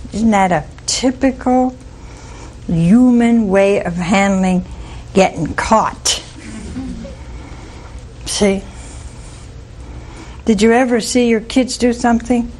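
A woman's voice: medium pitch, darkish tone, a little hiss or hum. A woman preacher giving a folksy sermon, telling stories with frequent chuckles and asides like "see?". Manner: folksy storytelling, chuckles often, asks "see?".

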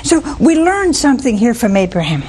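A woman's voice: fairly high pitch, very animated, brisk, a little mellow, breathy edge. A woman preacher giving a folksy sermon, telling stories with frequent chuckles and asides like "see?". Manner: folksy storytelling, chuckles often, asks "see?".

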